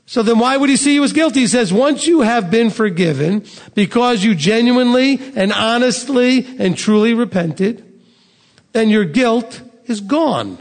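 A man with a notably high voice preaches a sermon, reading scripture aloud and putting pointed questions straight to his congregation. His emphatic delivery rings out in a large hall with a long reverb tail. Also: lively intonation, a little slow. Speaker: pastor.

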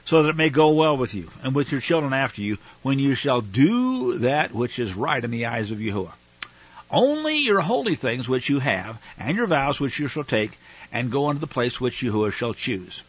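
A male Bible teacher reads passages aloud and breaks in with emphatic, fiery commentary. His husky voice swings widely in pitch. The sound is dry and a little dull, like a lo-fi recording. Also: very animated, normal speed. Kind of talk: scripture reading with commentary.

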